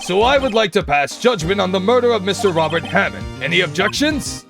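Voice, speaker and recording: Man voicing an elderly judge, ponderous, hesitant, mild, lowered voice. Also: lively intonation, fairly quick, gravelly, over music. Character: elderly male judge, mild and easily swayed.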